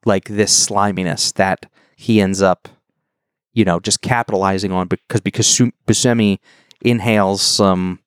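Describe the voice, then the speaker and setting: A man co-hosts a podcast with a low voice. He jokes and rambles in easy chat. The sound is dry and close. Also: fairly even intonation, moderate pace, clean tone, dry recording. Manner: joking, rambling. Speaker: podcast co-host. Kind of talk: casual chat.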